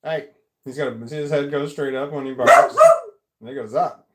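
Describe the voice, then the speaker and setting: Chatting with viewers on a home live stream, a YouTuber rambles and pokes fun at himself, his phone held out at arm's length. His mid-range voice moves at normal speed with fairly even intonation, and heavy noise, including a dog barking, fills the phone audio.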